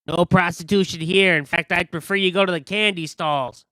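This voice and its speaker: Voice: mid-range voice, fairly even intonation, normal speed, sharp tone, dry recording, voice pushed up, close to an everyday voice. A game master voicing a cheeky, pushy male candy vendor with a pumpkin for a head, talking in a brash, streetwise way. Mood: irate.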